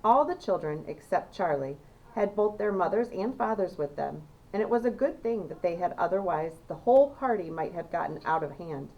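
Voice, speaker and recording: A woman, a teacher, reading a children's novel aloud with steady storytelling. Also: fairly low pitch, moderate pace, dull audio. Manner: steady storytelling, lively when voicing characters.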